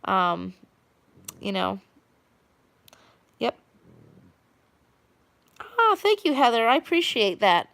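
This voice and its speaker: A woman's voice: on the high side, big pitch swings, takes it slowly, gravelly, pauses often, fairly bright tone, no echo. A woman with a Long Island New York accent hosting a casual live stream, rambling and chatty as she greets viewers by name.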